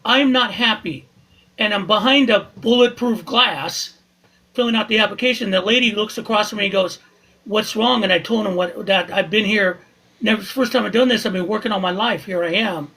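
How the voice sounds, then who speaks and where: A man on a live podcast panel, telling stories with indignant, animated energy. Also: high voice, normal speed, poor audio. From Southern California. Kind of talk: casual live podcast talk.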